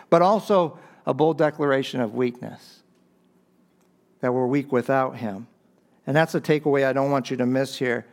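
A middle-aged man preaching a sermon as a pastor, swinging from emphatic raised peaks down to quiet, low stresses, with brief chuckles between phrases. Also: moderate pace, long pauses. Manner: impassioned, rising to emphatic peaks and dropping low for key points.

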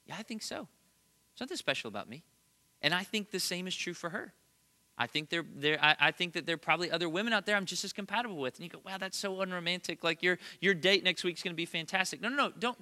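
A man's voice: on the high side, sharp tone. A man in his thirties, a pastor, giving a conversational sermon with earnest points and self-deprecating humorous asides.

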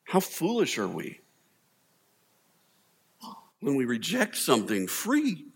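A man's voice: mid-range voice, wildly swooping pitch, slow pace, gravelly, husky. Male pastor, chatty humorous sermon delivery, long hall reverb. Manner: humorous, conversational preaching with acted quotes.

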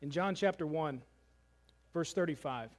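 A man preaching a sermon as pastor, earnest, slowing and softening for emphasis. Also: a little high.

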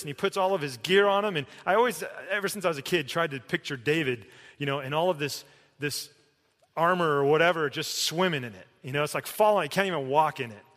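A middle-aged man preaching a sermon, emphatic, swinging between loud declarations and hushed pleading. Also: a little high. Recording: long hall reverb.

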